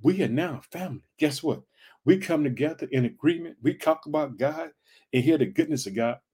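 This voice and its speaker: A man's voice: a little high, lively intonation, brisk, dark tone, slightly rough. A man from Illinois hosting a faith podcast, preaching in a fervent, repetitive way and calling his listeners family. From Illinois, United States. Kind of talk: encouraging podcast sermon.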